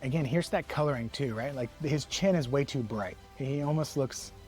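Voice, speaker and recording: A man talks through a comic book review in a relaxed, unscripted way, his voice sitting at an ordinary middle pitch. He stumbles, repeats words and fills pauses with ums. Faint music plays underneath. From Texas. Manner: rambling, many fillers and restarts, chuckles. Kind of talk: casual review monologue.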